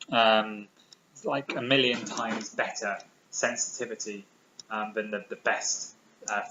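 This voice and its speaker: Against a noisy background, a British man with a mid-range voice gives an eager public physics lecture in a hall. He says um a lot and restarts often, and the recording is roomy and a bit dull.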